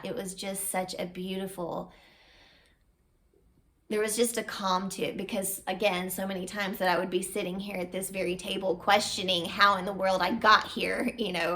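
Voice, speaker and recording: Earnest woman with a gravelly edge. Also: mid-range voice, fairly bright tone. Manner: earnest, heartfelt, encouraging. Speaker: vlogger sharing a faith testimony. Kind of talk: personal testimony to camera. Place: home, at a table.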